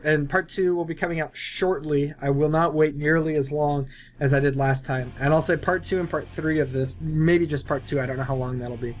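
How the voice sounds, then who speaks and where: Rambling man pitching a story, music behind. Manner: loose and rambling, many fillers. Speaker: movie video creator. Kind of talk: casual plot pitch narration.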